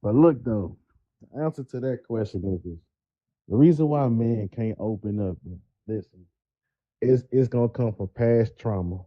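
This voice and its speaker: Husky, emphatic middle-aged man. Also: mid-range voice, normal speed. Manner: preachy, emphatic, keeps it real. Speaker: podcast co-host. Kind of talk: casual podcast talk. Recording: dull, muffled sound.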